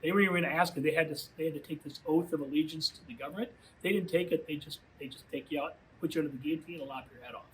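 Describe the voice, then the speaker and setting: A man giving a youth minister's storytelling talk to high school students, conversational and full of filler phrases. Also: very fast, few pauses, a little hiss or hum, rough recording.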